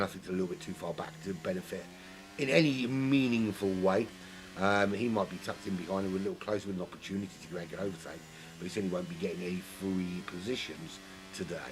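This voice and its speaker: A man doing solo live race commentary, rambling and jokey, getting excited at incidents, his voice worn from a long weekend of talking. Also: deep voice, vocal fry, slight background noise. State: losing his voice. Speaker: sim racing commentator.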